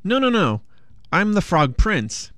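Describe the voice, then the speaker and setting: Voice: mid-range voice, big pitch swings, takes it slowly, fairly bright tone, dry recording, studio quality, pitched above the performer's own voice. A storyteller voicing a whiny, flustered young prince who stammers politely. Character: anxious, whiny Frog Prince, young man.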